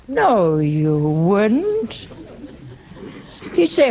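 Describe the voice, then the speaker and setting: A woman's voice: medium pitch, very animated, slow, a little mellow. A woman preaching a humorous sermon in a wry, teasing way, often putting questions to her listeners.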